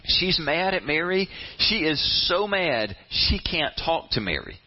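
A man preaching a sermon, retelling a story with animated flair and asking the audience questions directly. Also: a little high, measured pace. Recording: dull lo-fi sound.

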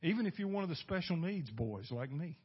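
A husky-voiced male preacher whose tone sits a little high. He delivers a sermon in swings from loud bursts to near-whispers and keeps asking his listeners rhetorical questions. The recording is dull and lo-fi. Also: sing-song, brisk. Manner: emphatic preaching with sudden swings between loud and hushed; asks the congregation rhetorical questions. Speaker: pastor.

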